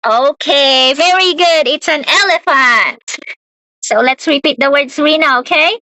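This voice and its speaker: A young woman teaches a beginner English lesson, speaking slowly and patiently and repeating each word. Her voice is high and bright. The sound is dry and close. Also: no echo, lo-fi sound. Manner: slow, patient, repeats words, laughs often.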